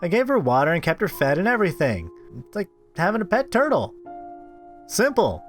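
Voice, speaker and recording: A man's voice: high voice, huge pitch swings, brisk, faint music behind, pitched above the performer's own voice. A man voicing a sweetly menacing young female stalker with a cloying, singsong manner. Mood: mock-cheerful. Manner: cloying, singsong, mock-cheerful. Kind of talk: voice-acting a visual novel.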